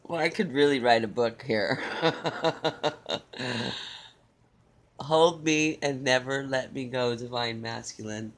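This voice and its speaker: A man reading channeled love messages in a soft, tender way, with repeated phrases and pauses. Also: medium pitch. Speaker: spiritual reader.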